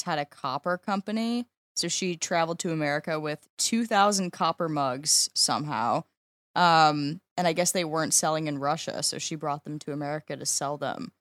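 A woman co-hosting a podcast, chatting in a relaxed, tentative way. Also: low voice, dry recording. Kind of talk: casual chat.

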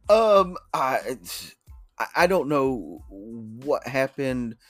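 A man co-hosting a casual podcast, speaking slowly and hesitantly with many restarts. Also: mid-range voice, very animated, husky, dry recording, soft background music. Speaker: podcast co-host.

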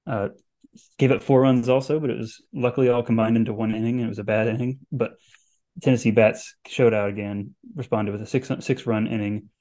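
A man's voice: medium pitch, fairly even intonation, fairly quick, dark tone. A man co-hosting a college baseball podcast in casual chat, with a rambling flow full of "like.". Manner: rambling, many "like" fillers. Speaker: podcast co-host.

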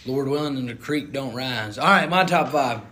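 A young man co-hosting a casual chat, animated and prone to sudden loud outbursts. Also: medium pitch, normal speed. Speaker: co-host.

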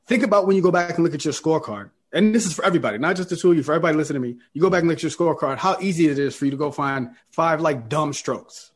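A man with a slightly high, husky voice rattles through a casual podcast rant at a quick clip. He is emphatic and joking, pushing his point hard. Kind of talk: casual golf podcast chat.

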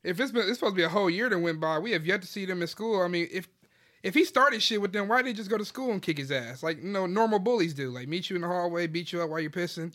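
A man with a bright, sharp voice joins a casual podcast chat. He sounds animated and incredulous, poking holes in what he watched. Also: high voice, racing.

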